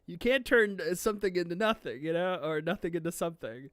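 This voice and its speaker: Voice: medium pitch, lively intonation, fast talker, a bit bright, no room sound. A streamer chatting casually while reacting to an anime, gushing, often laughing, and close to tears with emotion. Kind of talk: casual live-stream chat.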